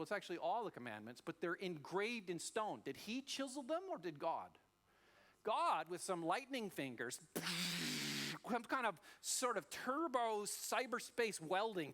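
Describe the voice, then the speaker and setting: A man preaching a sermon as a pastor, telling the story in a lively way and acting out the voices. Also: sits high. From Australia.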